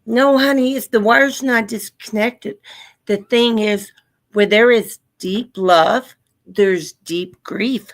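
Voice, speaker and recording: A woman with a slightly high voice speaks slowly in a steady tone while hosting a live stream. Tender and earnest, she comforts a grieving widow on the line, calling her sweetheart and honey.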